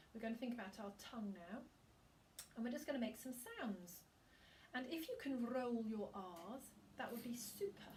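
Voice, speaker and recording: A woman singing teacher gently guiding a breathing and vocal warm-up, giving calm, encouraging instructions. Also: on the high side, recorded from a distance, a little hiss or hum.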